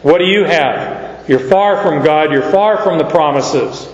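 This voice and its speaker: A man preaching a verse-by-verse Bible sermon, slow and deliberate, with a voice sitting a little high for a man. He leans on key words and poses rhetorical questions to his listeners. The sound is dull and lo-fi, ringing through a large echoey church hall. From Canada. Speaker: pastor.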